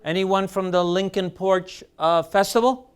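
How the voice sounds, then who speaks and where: Loud upbeat male show host. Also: high voice, measured pace, clear, resonant tone. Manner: loud, upbeat, emcee delivery. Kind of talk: live emcee announcements.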